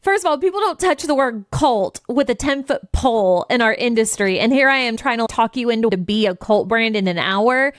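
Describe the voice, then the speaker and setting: Fairly high voiced woman host telling a story, lively, cusses a lot, acts out the dialogue, dry close sound. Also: brisk, hardly any pauses, dry recording. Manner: animated and expressive, swears freely, acts out dialogue. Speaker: podcast host and business coach. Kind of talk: candid storytelling monologue.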